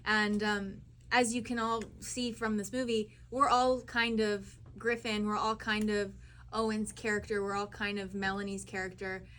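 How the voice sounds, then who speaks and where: A young actress woman telling chatty, animated stories with fillers at a live cinema Q&A. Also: medium pitch, normal speed, slight background noise. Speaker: actress at a screening Q&A. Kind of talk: live Q&A storytelling. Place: cinema auditorium.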